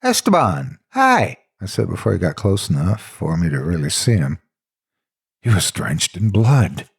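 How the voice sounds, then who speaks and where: A man's voice: deep voice, animated, normal speed, creaky, darkish tone, breathy edge. A man narrating a horror story in the first person, with a dramatic, intense delivery.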